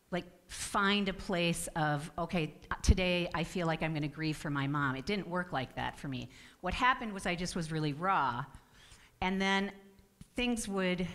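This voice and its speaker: A middle-aged woman speaks to a spiritual community in a low-pitched voice. She is earnest and personal, and she often stops mid-sentence to restart her thought. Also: a bit bright. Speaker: guest speaker. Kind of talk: spiritual talk.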